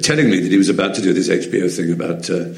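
A man's voice: low-pitched, racing, creaky. An English man, an interview guest, telling theatrical anecdotes articulately, with frequent ums. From England. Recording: roomy echo.

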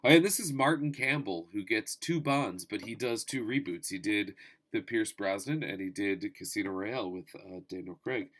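A man in his thirties talking casually about movies, with wry asides, swearing, and sudden animated jumps in pitch and volume. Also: normal speed. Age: 30s. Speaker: movie reviewer. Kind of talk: casual spoken movie review.

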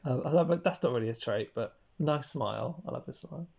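A man co-hosting a podcast in casual chat, jokey and quick to laugh, on a dull lo-fi recording. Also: mid-range voice, animated, gravelly, darkish tone, breathy edge. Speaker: podcast co-host.

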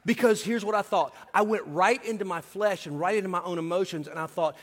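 A man's voice: sits high, brisk, in a large hall. A man preaching a sermon, mixing humorous personal stories with earnest exhortation to his congregation. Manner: humorous, confiding storyteller turning to earnest exhortation.

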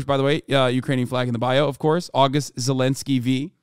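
A man's voice: mid-range voice, level tone, normal speed, darkish tone, smooth, no echo, studio quality. A man hosting a podcast, reading tweets aloud and mocking them in a sarcastic, profane comedic commentary. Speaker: podcast host.

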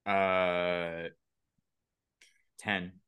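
A man's voice: low-pitched, little pitch movement, extremely slow, bright, forceful tone, clear, resonant tone, highs cut off. A man in his late twenties co-hosting a casual podcast, blunt and wisecracking with frequent swearing. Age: late 20s. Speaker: podcast co-host.

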